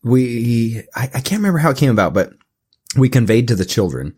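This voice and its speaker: A man's voice: medium pitch, very animated, fairly quick, a little mellow, slightly rough. A man in his thirties co-hosting a podcast, telling a story with hesitant restarts and laughter in casual chat. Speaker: podcast co-host.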